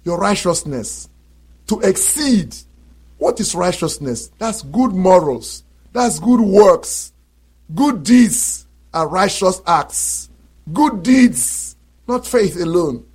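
A man's voice: high-pitched, lively intonation, takes it slowly, a little mellow, breathy edge. A male preacher delivering a sermon to his listeners, emphatic, repeating key phrases and asking rhetorical questions.

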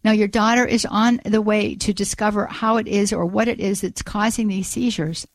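Woman radio host, earnest prayer, dry close sound, mid pitch. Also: steady tone, no room sound. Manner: earnest, halting, repeats "Father God". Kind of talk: prayer and call-in radio talk.

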